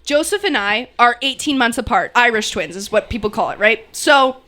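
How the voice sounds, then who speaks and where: A young woman from Canada, co-hosting a podcast and telling a story with her brother, animated and laughing as she acts out quotes. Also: fairly high pitch, moderate pace. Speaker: podcast co-host. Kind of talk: casual storytelling chat.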